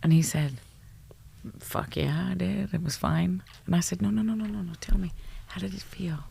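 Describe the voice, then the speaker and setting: A woman, a psychologist guest on a podcast, telling stories in an animated, blunt way, swearing freely and dropping to a hushed tone at tender moments. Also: lowish voice, moderate pace, gravelly, a little hiss or hum. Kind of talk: storytelling in a podcast interview.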